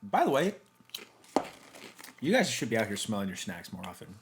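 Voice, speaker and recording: A young man co-hosting a snack-tasting podcast, talking in an animated, playful way and quick to joke. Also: lowish voice, noisy background. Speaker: podcast co-host. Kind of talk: casual snack-tasting chat.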